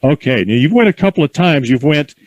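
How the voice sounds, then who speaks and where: A man giving calm, encouraging instructions in an outdoor horse corral, mixing in folksy stories. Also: a little high, brisk, no echo, muffled recording. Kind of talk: outdoor coaching with anecdotes.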